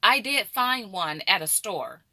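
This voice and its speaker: Chatty, bright-voiced middle-aged woman vlogger. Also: mid-range voice, unhurried, dry recording, studio quality. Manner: chatty and animated, talks straight to viewers. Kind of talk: casual chat to camera.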